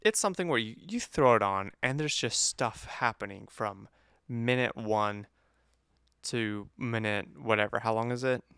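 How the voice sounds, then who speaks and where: Man, low voice, gravelly, casual playful podcast chat, dry close sound. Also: measured pace, bright, forceful tone, dry recording. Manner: playful, teasing, lots of fillers. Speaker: podcast co-host. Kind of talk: casual movie review chat.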